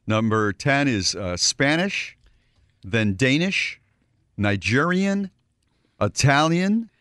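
A male radio co-host who talks in a lively, swinging voice while joking through a countdown list. The sound is close and dry, with no room around it. His delivery is playful and loose. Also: medium pitch, slow, no echo. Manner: animated, reads lists with playful asides. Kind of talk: casual radio banter.

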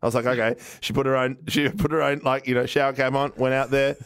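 A man hosting a podcast, chatting in an upbeat way and quick to laugh. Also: mid-range voice, fairly even intonation, fairly bright tone, clean tone, no echo, studio quality. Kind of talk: casual chat.

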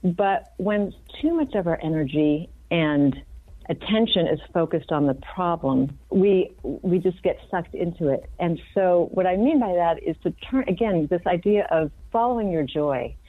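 A woman in her fifties with a low, deep voice speaks earnestly and reflectively, often backing up to restart a thought. The sound is thin and phone-like, dry with no room around it. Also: lively intonation, unhurried, no room sound. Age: 50s. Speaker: guest physician. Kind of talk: conversational interview. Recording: dry, phone-like remote audio.

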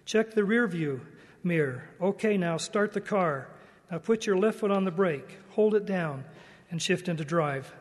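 A man reading the part of a sick old grandfather who speaks slowly, softly and weakly. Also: high-pitched, animated, long reverb tail. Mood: weak, gentle. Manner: slow, weak and soft. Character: weak, sick old grandfather, gentle and calm.

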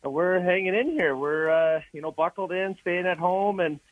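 Man, phone guest, slightly high voice, dull dry phone sound, relaxed halting talk. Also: no echo. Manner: relaxed, halting with many fillers. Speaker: guest, pro hockey player. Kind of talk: phone interview. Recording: muffled dry phone line.

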